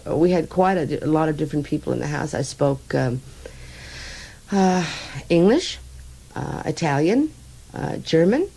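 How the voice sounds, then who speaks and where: A woman's voice: low voice, animated, normal speed, gravelly, long pauses, dark tone, slightly rough, rough recording. An American woman chatting as a radio interview guest, telling stories with dry wit. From United States. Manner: witty, chatty storyteller. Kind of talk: casual radio interview chat.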